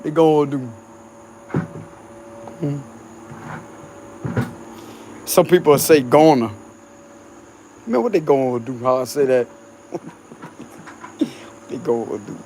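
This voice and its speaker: A man's voice: fairly high pitch, slow, pauses often, dark tone, slight background noise. Laid-back Cajun man chatting outdoors at night. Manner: laid-back, laughs often, swears freely. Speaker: tarot reader talking to supporters. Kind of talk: casual rambling chat.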